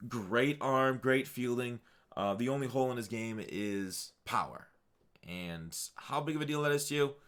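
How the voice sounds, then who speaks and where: Here a gaming channel host speaks in a medium-pitched, fairly bright tone, hiccuping throughout. His casual commentary on his video game picks wanders, packed with fillers and corrections of himself.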